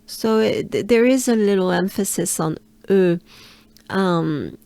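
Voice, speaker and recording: A French woman coaching pronunciation at a very slow, deliberate pace, repeating each syllable and inviting the listener to join in. Her voice is dry and close, with no room sound around it. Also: medium pitch, warm tone, dry recording. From France. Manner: patient, repeats syllables slowly and leads the listener along. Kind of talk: slow, drilled pronunciation lesson.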